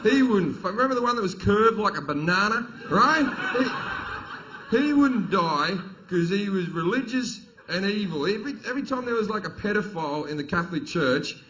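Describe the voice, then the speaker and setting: An Australian man works a comedy stage with a slightly high, sharp-edged voice. His delivery is crude and profane, swinging into loud punchlines. A faint hiss sits under the live recording. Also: rough recording. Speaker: stand-up comedian. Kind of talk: stand-up comedy set. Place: comedy venue stage with audience.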